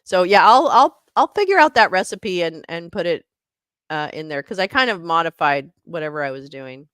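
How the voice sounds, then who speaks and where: A woman's voice: lowish voice, expressive, normal speed, a bit bright, smooth, no room sound, clean studio sound. A woman hosting a casual livestream, chatting in a scattered way and swearing and laughing as she fumbles with her setup. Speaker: livestream host.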